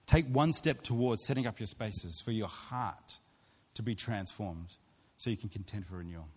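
Husky-voiced man preaching in a reverberant hall. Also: lowish voice, moderate pace. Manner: earnest, storytelling, acts out voices of others. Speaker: pastor. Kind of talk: sermon.

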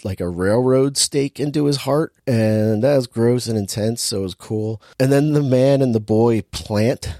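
A man chatting through a film's plot in a loose, rambling way, leaning on filler words as he goes. His voice sits at an ordinary middle pitch. The recording is close and dry, with no room sound. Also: a little slow, few pauses, dark tone, no room sound. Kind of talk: casual movie recap chat.

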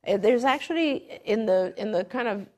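A middle-aged woman, a behavior therapist, explaining her work in a conversational webinar and reacting warmly. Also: on the high side, animated, normal speed.

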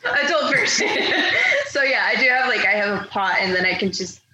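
A woman's voice: mid-range voice, expressive, normal speed, heavy background noise. Giggly woman in an echoey room. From Canada. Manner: giggly, rambling with many fillers. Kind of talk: casual chat. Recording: echoey room with faint ambience.

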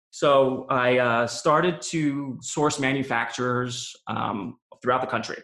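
Brief: man, gravelly voice, candid interview guest, roomy echoey sound. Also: medium pitch, a bit bright. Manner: candid and reflective, many "um" and "you know". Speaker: interview guest, business founder. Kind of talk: personal storytelling in an interview. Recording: roomy echo.

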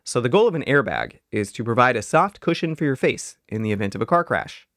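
A man's voice: medium pitch, lively intonation, a little fast, fairly bright tone, no echo. A man co-hosting a casual comedy podcast, explaining a topic in a dry, wry way. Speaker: podcast co-host.

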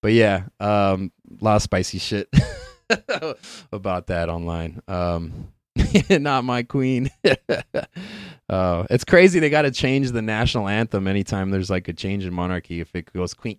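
A man's voice: lowish voice, expressive, unhurried, smooth, dry recording, studio quality. A man hosting a live-streamed podcast in a loose, rambling way, laughing often and swearing casually.

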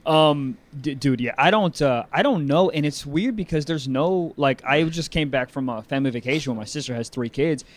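A young man co-hosting a podcast, chatting casually and crudely with a rambling, animated manner. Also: on the high side, moderate pace, hardly any pauses. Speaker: podcast co-host. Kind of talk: casual comedic chat.

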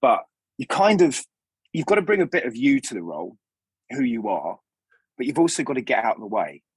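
A man with a slightly husky, breathy voice chats as a podcast guest, spinning long rambling anecdotes about his stage work. He keeps stopping and restarting his sentences. The sound is dry and close, with no room around it. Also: medium pitch, sing-song, brisk, no room sound. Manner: rambling, self-interrupting anecdotes with many restarts. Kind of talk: casual interview storytelling.

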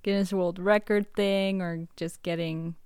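A woman with a fairly low voice chats casually as a podcast co-host. She muses with some hesitation and drops dry quips. The recording is dry and close-miked. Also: fairly even intonation, measured pace, darkish tone, clear, resonant tone, no echo. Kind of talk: casual chat.

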